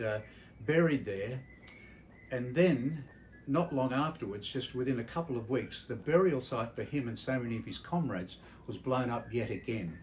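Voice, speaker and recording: An older Australian man, an entertainer, gives a memorial tribute, sharing family stories in a blunt, salty, reflective way with frequent hesitations. His voice is medium-pitched. The recording is low quality, with a little hiss or hum.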